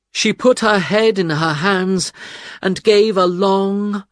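A man reading a story aloud as narrator, in a slow, dramatic storytelling manner. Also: a little high, fairly bright tone, no room sound, clean studio sound. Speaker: audiobook narrator. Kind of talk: scripted narration.

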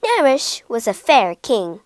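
A woman narrates an animal storybook for English learners, reading slowly and clearly. Her high voice rises and falls a lot as she tells it. The recording is close and dry. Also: no room sound. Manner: slow, clear, expressive reading.

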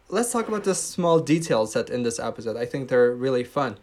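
A man's voice: medium pitch, very animated, moderate pace, a little mellow. A man hosting a podcast in casual chat, upbeat and playful, laughing often. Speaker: podcast host.

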